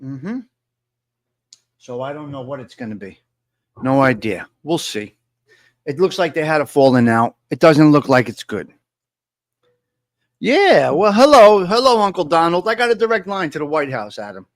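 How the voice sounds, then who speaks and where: A man's voice: a little high, sing-song, normal speed, pauses often, no echo, low-quality recording. A man hosting a casual live-stream show, boastful and joking, often repeating himself.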